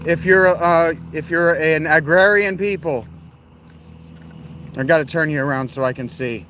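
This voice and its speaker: Brief: man, slightly high voice, rambling livestream host chatting on a night walk outdoors, phone mic. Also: a little slow, a bit bright, a little hiss or hum. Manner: rambling, answering chat while walking. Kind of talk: casual livestream chat. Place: outdoors at night near parked cars.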